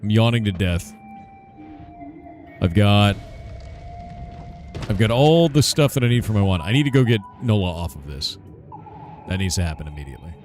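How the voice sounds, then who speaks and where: A low-pitched man streams a game, talking to himself in a lively, swinging voice and muttering curses under his breath. Soft music plays faintly behind him. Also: moderate pace, pauses often. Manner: thinks aloud, swears under his breath. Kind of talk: casual gameplay chat.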